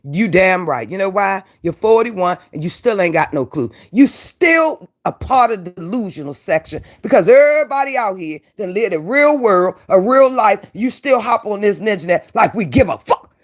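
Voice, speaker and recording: With a mid-range voice, the host of an online commentary show, a woman, mocks a rival in a foul-mouthed tirade and keeps returning to her signature catchphrases.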